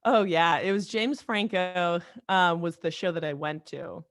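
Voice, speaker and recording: Animated woman, dry close mic. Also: on the low side, no echo. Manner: animated, talks in quick restarts and asides. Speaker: guest comedy writer. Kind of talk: casual interview chat.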